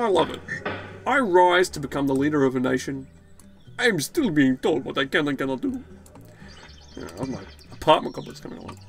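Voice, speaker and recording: Lively rambling man gaming. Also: on the high side. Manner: rambling, swearing, jokey. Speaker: gaming video host. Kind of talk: let's play commentary.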